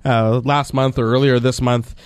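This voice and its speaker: Male sports talk host, casual and chatty, medium pitch, dry studio mic. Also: level tone, normal speed, smooth, no room sound.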